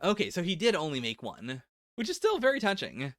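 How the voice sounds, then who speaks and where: A man's voice: on the high side, wildly swooping pitch, fairly quick, a bit bright, no echo, clean studio sound. A man giving a casual, rambling live reaction to manga chapters, full of "like" and little laughs. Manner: rambling and chatty, lots of "like" and laughs. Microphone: laptop setup.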